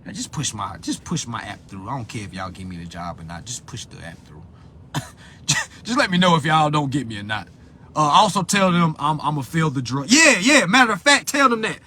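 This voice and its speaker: A man hosting a live phone stream in a profane rant, dropping to low muttering and then bursting into loud, high-pitched shouts. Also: big pitch swings, a little fast, slightly rough. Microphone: phone on a social live stream.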